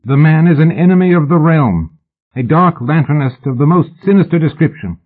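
A man voicing an agitated gentleman scholar who speaks urgently and anxiously, in a storybook reading. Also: medium pitch, expressive, moderate pace, breathy edge, voice pushed up. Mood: alarmed. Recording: tinny phone-like audio.

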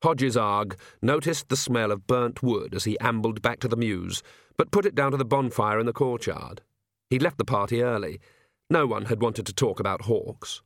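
A man narrating a story in a measured, even way. His voice sits mid-pitch and sounds dry and close to the mic. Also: no room sound. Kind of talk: audiobook narration.

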